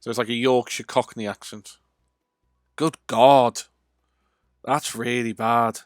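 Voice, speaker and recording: A man's voice: medium pitch, little pitch movement, slow pace, no room sound. Chatty male streamer, dry close sound. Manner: chatty, rambling, with frequent ums and uhs. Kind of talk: casual let's-play livestream commentary.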